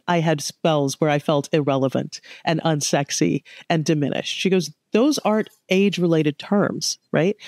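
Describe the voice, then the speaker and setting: A woman's voice: on the low side, darkish tone, no echo, studio quality. A woman in her fifties, a guest author in a conversational interview, who talks animatedly and acts out quoted dialogue. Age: 50s.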